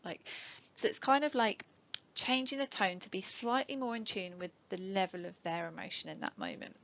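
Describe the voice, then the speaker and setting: A woman's voice: medium pitch, normal speed, gravelly, a bit bright. A middle-aged woman, an educational psychologist, giving a webinar talk to parents in a conversational way, with many ums and light laughs. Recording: dull lo-fi webinar audio.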